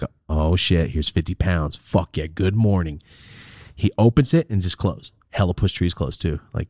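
A man's voice: dry recording, studio quality. A man in his thirties hosting a podcast, telling a story casually with lots of swearing and acting out the people in it. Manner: animated, profane, acts out quoted people with big pitch jumps. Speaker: podcast host.

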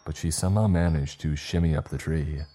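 A man reading a first-person horror story in a measured, low-key way. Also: mellow, faint music behind.

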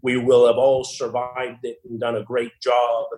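A man, a team boss answering interview questions with many pauses and fillers. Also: medium pitch, completely flat delivery, a little mellow, low-quality recording. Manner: hesitant, many fillers and restarts. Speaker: racing team boss, guest.

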